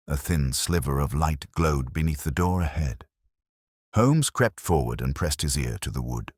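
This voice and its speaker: A man reading a detective story aloud in measured scripted narration. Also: a bass voice, sing-song, slightly rough, dry recording, studio quality.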